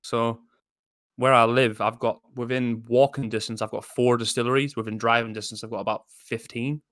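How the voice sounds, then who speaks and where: A man's voice: medium pitch, level tone, normal speed, a bit bright, dry recording, studio quality. A man co-hosting a casual podcast, chatty and often adding "you know what I mean". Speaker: podcast co-host. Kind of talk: casual chat.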